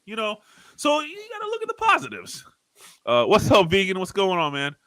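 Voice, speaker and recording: A man co-hosting a casual podcast, telling animated stories and swearing freely. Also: high-pitched, moderate pace, no room sound. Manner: animated storyteller, swears freely, acts out arguments loudly. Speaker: podcast co-host. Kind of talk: casual chat.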